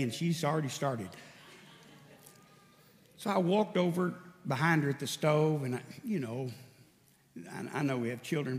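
Storytelling from the pulpit of a church sanctuary, a man with a fairly high voice preaches in a large hall. He dramatizes dialogue within his tales, raising his voice to play the speakers.

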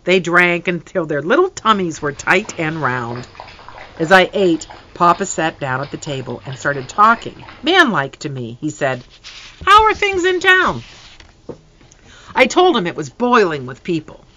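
Expressive, lively storybook narrator. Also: medium pitch, lo-fi sound, slight background noise. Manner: expressive, unhurried reading with lively swings in tone. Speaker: audiobook narrator.

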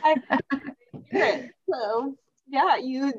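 A woman hosts a casual podcast chat, talking about herself in an animated, self-mocking way and laughing often. Her voice runs a little high. The sound is dull and lo-fi, like remote call audio. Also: drawn-out words, slight background noise.

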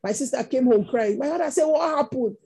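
A woman's voice: on the high side, expressive, quick pace, warm tone, slightly rough. A Nigerian woman preaching a sermon, telling stories that rise into impassioned exclamations. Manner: storytelling, rising to impassioned exclamations.

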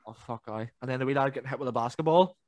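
A man's voice: mid-range voice, very fast, a crowd in the background. A young man, chatting casually on a podcast and swearing freely. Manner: animated, swearing, mimics viral clips. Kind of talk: casual chat.

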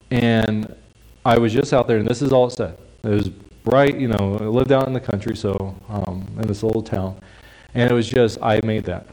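A male preacher giving a sermon in a conversational, explanatory way, dropping into soft hushed tones for quiet phrases. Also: medium pitch, rough recording. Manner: conversational, drops to a soft hush for quiet lines.

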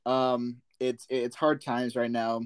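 A young man hosting a podcast, chatting casually about sports in a relaxed way with many fillers. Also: mid-range voice, slow, crowd noise. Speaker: podcast host.

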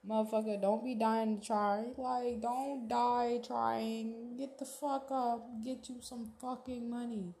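A woman's voice: a little high, little pitch movement, slow pace, few pauses, warm tone, reverberant. A woman hosting her own podcast, giving a casual, profane motivational rant in a blunt, slangy way with laughs. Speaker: podcast host.

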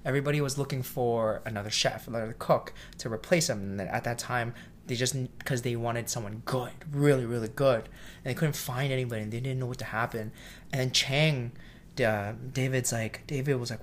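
A man who works as a cook, telling a story in a casual interview. He acts out the voices in his story, sometimes loudly, and calls himself shy. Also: mid-range voice, fairly even intonation, fairly quick, slight background noise. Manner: self-described shy.

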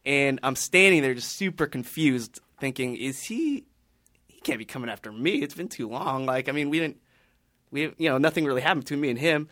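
A man's voice: mid-range voice, fairly quick, sharp tone, no echo. A man on a podcast panel telling a long story in casual chat, rambling with many restarts and fillers.

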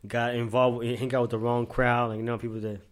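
A man's voice: mid-range voice, flat delivery, a little fast. A young man from Miami hosting a casual podcast, telling profane street stories and acting out the lines of people in them. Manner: profane street storytelling, acts out quotes. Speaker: podcast host.

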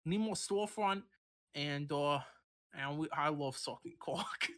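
A man improvising a crude pharmacy-owner pitchman in a commercial, his drifting between Boston and Australian as he rambles and stumbles. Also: measured pace, a bit bright. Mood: low and lazy. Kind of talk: improvised comedy bit.

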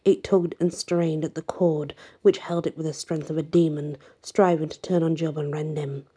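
A woman reading a folk legend aloud in a dramatic way, often sinking to a breathy whisper. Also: deep voice, steady tone, moderate pace, dark tone. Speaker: narrator.

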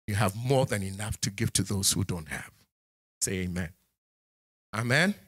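A man preaching a sermon in church as the pastor, scolding his congregation and swinging from low asides to high exclamations. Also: moderate pace, a bit bright, husky.

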